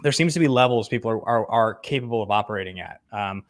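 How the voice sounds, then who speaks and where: A man's voice: fairly low pitch, quick pace. A man hosting a casual podcast interview, earnest and thoughtful, repeating words as he thinks. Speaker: podcast host.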